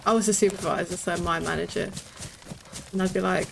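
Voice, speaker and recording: A woman's voice: on the low side, fairly even intonation, a little fast, vocal fry, pauses often, fairly bright tone, a little hiss or hum. A British woman in her thirties, chatting casually while streaming a game, swearing freely and laughing often. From Britain. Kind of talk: casual gaming stream chat.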